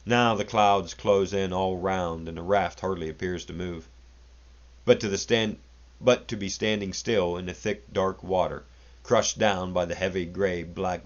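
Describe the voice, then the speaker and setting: A man with a very deep, low voice reads a classic story aloud at a measured, deliberate pace. The sound is dull and lo-fi, with the top end muffled. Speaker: narrator.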